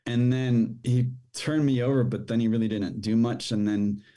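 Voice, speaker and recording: A man speaking as a podcast guest, giving a personal testimony in plain, halting storytelling with fillers. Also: mid-range voice, little pitch movement, mellow.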